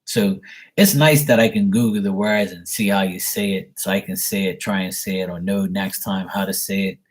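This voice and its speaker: A man's voice: low voice, steady tone, moderate pace. A man chatting casually on a livestream tarot reading, rambling and swearing, repeating his words as he goes. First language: Portuguese spoken at home. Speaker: live tarot reader.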